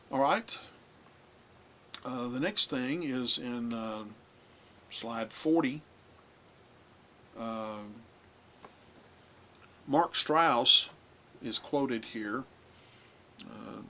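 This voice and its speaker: A man teaching a recorded lesson on Bible translation, talking in a halting way with many filler pauses. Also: mid-range voice, a bit bright, a little hiss or hum.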